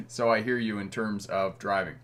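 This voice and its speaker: A man's voice: fairly low pitch, a bit bright. A middle-aged man from Canada hosting a live stream as a driving instructor, reading out viewer comments in a friendly, chatty way and chuckling often. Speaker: driving instructor and livestream host.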